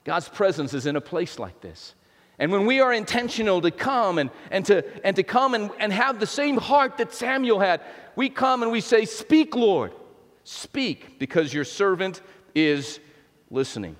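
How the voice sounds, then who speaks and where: In a church sanctuary with long reverb from the large hall, a pastor preaches conversationally, full of restarts and playful asides. His voice sits high, expressive and fairly bright, at normal speed.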